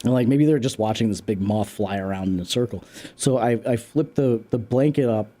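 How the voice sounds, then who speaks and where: A man's voice: medium pitch, fairly quick, dark tone. A man co-hosting a community radio talk show, telling stories in a casual, rambling way with many restarts and fillers. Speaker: radio co-host. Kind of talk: casual chat.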